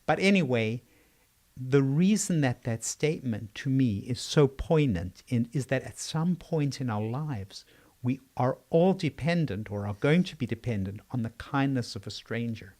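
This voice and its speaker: A man's voice: medium pitch, animated, unhurried, a little mellow. Older South African man, reflective. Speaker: psychiatrist guest. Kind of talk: reflective interview answers.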